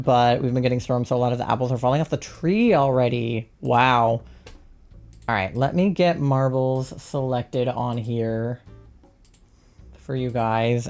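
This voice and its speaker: A woman's voice: extremely low pitch, darkish tone. A woman streaming a game live, chatting casually and rambling as she reads out chat messages. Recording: faint music behind.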